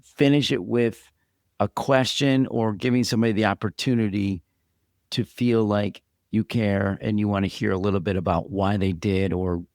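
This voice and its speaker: A man co-hosting a podcast who talks in a halting, agreeable way and often repeats words. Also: lowish voice, fairly even intonation, darkish tone, dry recording, clean studio sound. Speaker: podcast co-host. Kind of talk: casual advice conversation.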